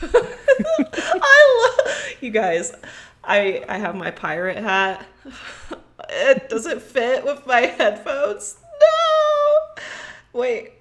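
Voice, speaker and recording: A woman's voice: fairly high pitch, sing-song, very slow, a bit bright. A woman co-hosting a podcast in casual chat, telling stories animatedly with frequent giggles. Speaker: podcast co-host.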